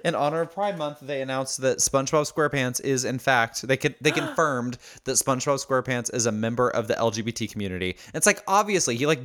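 Male podcast co-host; average pitch; dry, teasing delivery. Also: fast talker, few pauses, a bit bright. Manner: wry, teasing, crude humor. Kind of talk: casual chat.

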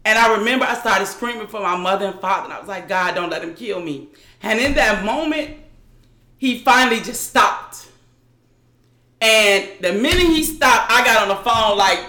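Woman guest telling her story, halting and restarting a lot, bright voice, roomy echo. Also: medium pitch, lively intonation. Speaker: interview guest. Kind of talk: recounting a personal story.

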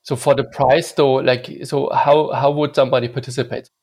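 A podcast host talks hesitantly, thinking aloud as he goes. His voice is flat in pitch and gravelly, with a steady, unhurried delivery. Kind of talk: casual podcast conversation.

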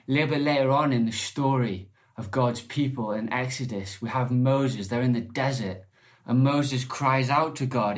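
A man's voice: mid-range voice, normal speed. A man preaching a sermon in church, earnest and conversational, with occasional restarts. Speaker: lay preacher.

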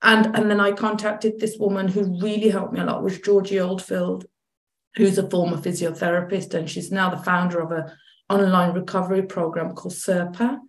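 A woman, a chronic pain coach as guest, telling a personal story in lively conversation and acting out what others said. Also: lowish voice, normal speed, roomy sound. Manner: animated, acts out quoted dialogue.

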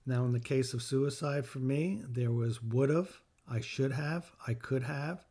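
A middle-aged man talks slowly and unhurriedly, his voice sitting at an ordinary, moderate pitch. He hosts a personal podcast in a sincere, heartfelt tone. He leans on repetition to drive his points home. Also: mellow, husky. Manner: earnest, heartfelt, with emphatic repetition. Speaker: podcast host. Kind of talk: personal reflective talk with faith teaching.

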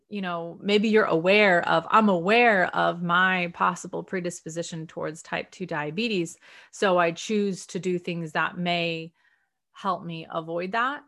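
A woman leading a casual book study discussion, thinking aloud in a chatty, earnest way with soft laughs. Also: on the low side. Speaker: study group discussion leader.

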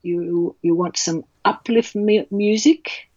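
A woman's voice: on the low side, slow pace, a little mellow, dry recording, muffled recording. A woman, speaking passionately and bluntly as a childbirth educator in an interview. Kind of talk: podcast interview.

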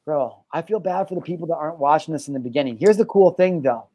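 A man hosting a casual podcast, joking around, animated, and swearing freely. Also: on the high side, quick pace, no room sound. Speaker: podcast host. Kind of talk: casual chat.

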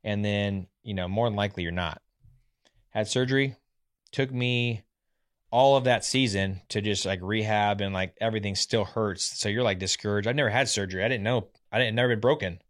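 A former professional pitcher in his thirties, a guest telling his story in a casual, animated way, often acting out what others said. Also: brisk. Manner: animated, acts out quotes of others.

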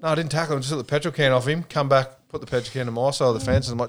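A man's voice: medium pitch, very fast. Middle-aged man, swearing, laughing storyteller, casual chat, faint noise. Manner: crude, laughing anecdote with swearing. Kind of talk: casual banter among mates.

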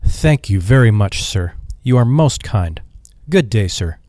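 A man voicing a polite, humble young male ex-soldier who speaks quietly and deferentially. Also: on the low side, animated, unhurried, no room sound, clean studio sound.

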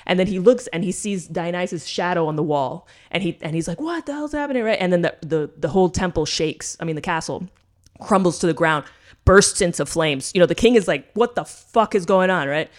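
A woman's voice: fairly low pitch, a little fast. A woman co-hosting a podcast, retelling a story in casual, profane chat and checking in with "right?" after almost every point. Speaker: podcast co-host.

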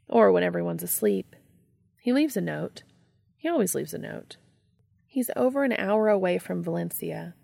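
Gravelly-voiced woman reading a story. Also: lowish voice, darkish tone, no echo, clean studio sound. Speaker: reader. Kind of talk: audiobook-style story reading.

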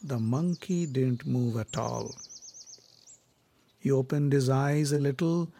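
A male storyteller narrating an old epic tale in a measured, dramatic way. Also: mid-range voice, gravelly, warm tone, slight background noise.

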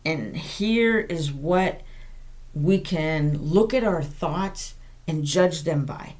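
Brief: woman podcast host teaching scripture, conversational, slow and low. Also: a little mellow. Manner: earnest and conversational, corrects herself aloud. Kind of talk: informal Bible teaching.

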